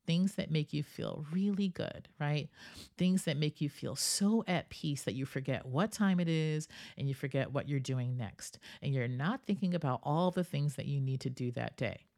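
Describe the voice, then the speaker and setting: A woman's voice: deep voice, normal speed, a little mellow. A woman hosting a solo wellness podcast, talking in a coaching way, asking "right?" often and acting out the people she quotes. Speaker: podcast host.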